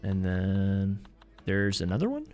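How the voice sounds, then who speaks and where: A man's voice: sits low, huge pitch swings, unhurried, darkish tone, soft background music. A man streaming a video game live, chatting playfully and joking with his viewers. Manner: playful, joking, reacts to chat. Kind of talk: casual live gameplay commentary.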